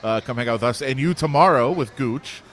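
A man's voice: medium pitch, fairly quick, fairly bright tone, slight background noise. A man hosting a casual sports talk show, easygoing and full of filler uhs as he sets up segments. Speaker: sports radio host.

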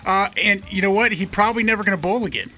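A man's voice: high-pitched, fast talker, pushed and bright, soft background music. A man co-hosting a morning radio show, laid-back and laughing, telling stories loosely in a studio. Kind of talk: casual morning radio banter.

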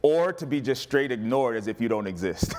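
A man preaching a sermon as pastor, animated and humorous, calling on the congregation to respond. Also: medium pitch, moderate pace.

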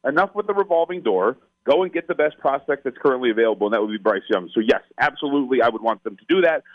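A man's voice: medium pitch, lively intonation, fast talker, no room sound, phone-quality sound. A man appearing as a guest on a sports radio show, giving firm, emphatic opinions. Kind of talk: sports talk radio interview.

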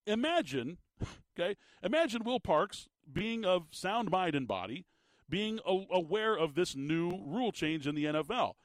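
A man hosting sports talk radio, animated and emphatic, often repeating his words as he gets worked up. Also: high voice, measured pace, no echo. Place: radio studio. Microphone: studio microphone.

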